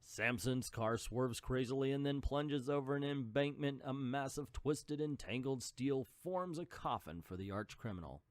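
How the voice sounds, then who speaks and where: A man's voice: mid-range voice, moderate pace, hardly any pauses, dry recording. A man reading an old comic book aloud and adding jokey asides. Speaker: comic book reader and commentator.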